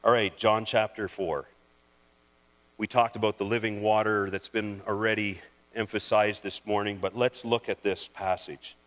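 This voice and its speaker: A man preaching a sermon as pastor, reading scripture aloud and speaking with emotion, pausing and restarting as he goes. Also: fairly low pitch, little pitch movement, fairly bright tone.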